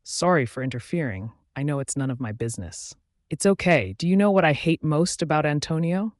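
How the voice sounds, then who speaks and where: A man voicing a calm, blunt young male alpha werewolf who speaks matter-of-factly. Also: a little high, brisk, dry recording, clean studio sound, close to an everyday voice.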